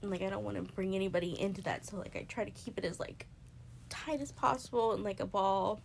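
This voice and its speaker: A woman in her twenties on a podcast, talking in a casual, emotional way, tearful and laughing through it, her voice jumping high when she quotes herself. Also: fairly even intonation, fast talker, gravelly, slight background noise. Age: 20s. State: crying at times. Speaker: podcast co-host. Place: bedroom, on a bed.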